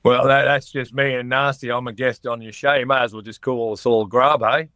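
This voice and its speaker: A man's voice: mid-range voice, flat delivery, a little fast, bright, forceful tone, dry recording. A man from Queensland, a regular guest in a casual sports chat, teasing and boisterous.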